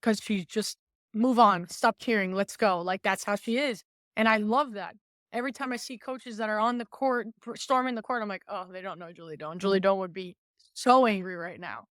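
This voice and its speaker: A young woman, a former college volleyball player, talking as a podcast guest in an outgoing, animated way, acting out quoted remarks. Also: mid-range voice, normal speed, dry recording, studio quality. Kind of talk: casual podcast conversation.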